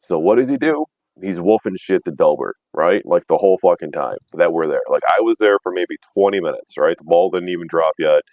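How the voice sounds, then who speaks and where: A man's voice: sits low, lively intonation, fairly quick, dry recording, phone-quality sound. A man in his thirties telling rambling, profane stories in casual chat, laughing often. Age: 30s. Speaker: podcast host.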